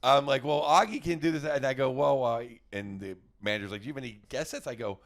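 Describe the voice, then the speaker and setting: A man's voice: mid-range voice, fast talker. A man, a stand-up comedian from the Pittsburgh area with a light Pittsburgh accent, chatting and telling stories on a comedy podcast. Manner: animated storytelling with gravelly edge. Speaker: guest comedian. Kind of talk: casual podcast chat.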